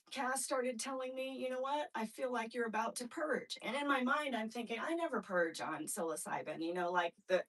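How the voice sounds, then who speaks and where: Middle-aged woman, earnest livestream storyteller, higher voice, recorded at a distance. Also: fairly bright tone. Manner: earnest, rambling storytelling, often addressing viewers as "you guys". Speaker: livestream host. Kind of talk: emotional personal testimony.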